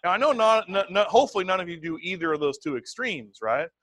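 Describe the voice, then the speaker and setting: A man's voice: sits high, quick pace, no echo. A man teaching a live sales training to a group, emphatic and conversational, tagging his points with "right?" and "okay?". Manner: repeats words, conversational and animated.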